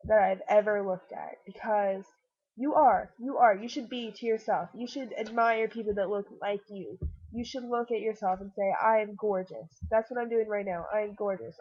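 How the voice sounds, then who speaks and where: A woman's voice: mid-range voice, slightly rough, muffled recording. A woman who is sick, talking in a rambling, self-deprecating, earnest way straight to the viewer through her computer's webcam. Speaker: vlogger.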